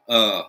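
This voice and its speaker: A man hosting a casual livestream from a rural home, greeting viewers by name and talking in a lively, drawling way, repeating phrases. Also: mid-range voice. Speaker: livestream host.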